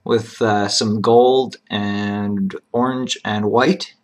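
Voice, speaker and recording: A man hosting a trading card box break, steadily announcing each card, who it goes to and its serial number, with brief quiet asides of admiration. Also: on the low side, fairly even intonation, very slow. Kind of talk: live card-opening commentary.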